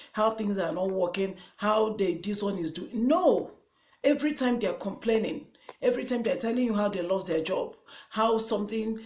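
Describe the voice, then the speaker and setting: A woman with a Nigerian English accent delivers earnest, preachy motivational advice. She often repeats a phrase to drive the point home. Her voice sits at a middle pitch and rings in an echoey room. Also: darkish tone. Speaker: vlogger. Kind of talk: motivational vlog talk.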